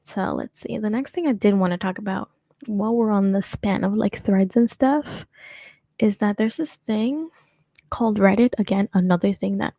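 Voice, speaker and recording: A woman's voice: medium pitch, normal speed, creaky, warm tone, no room sound. A young woman hosting a show in casual chat, rambling and joking at her own expense, laughing often. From United States. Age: young adult. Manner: rambling, self-mocking and jokey, laughing often. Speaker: show host.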